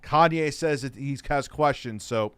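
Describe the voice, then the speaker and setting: A sarcastic male host riffs on clips in casual commentary, exasperated and quick to curse. His voice sits in a middling register. The recording is close and dry, with no room sound. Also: mid-range voice, fairly bright tone, clean tone, no echo. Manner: sarcastic, exasperated, swears freely.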